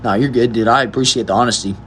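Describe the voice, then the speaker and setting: A young man talks casually on his livestream. He reads viewers' messages aloud and answers each one in a relaxed, friendly way. A faint hum sits under his voice. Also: medium pitch, fast. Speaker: livestream host reading chat.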